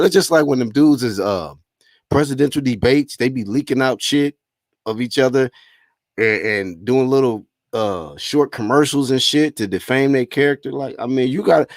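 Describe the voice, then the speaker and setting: A man's voice: medium pitch, no room sound, clean studio sound. Laid-back slangy male interviewer. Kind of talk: casual chat.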